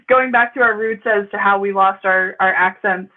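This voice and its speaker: A woman joins a podcast as a guest, talking casually with fillers and laughing along. Her voice comes through a narrow, tinny line that sounds like a phone call, at a middle pitch. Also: a little slow. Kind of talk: casual chat.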